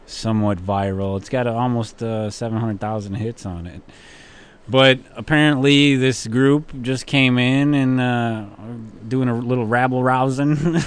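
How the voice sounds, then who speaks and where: A male radio host chatting casually in a studio, quick with mocking jokes and frequent laughs. His voice sits at an everyday middle pitch. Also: clean tone. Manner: joking, laughs often, mocking.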